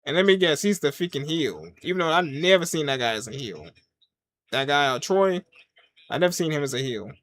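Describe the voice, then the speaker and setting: A man reacts live to a wrestling broadcast, his fairly high voice bouncing all over the place. He yelps at big moves, then drops to a low mutter, talking in loose slang to himself and his viewers. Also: brisk. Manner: animated, swings from loud excited yelps to low mutters; casual slang, talks to himself and the chat. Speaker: wrestling watch-along reviewer. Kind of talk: casual live reaction commentary.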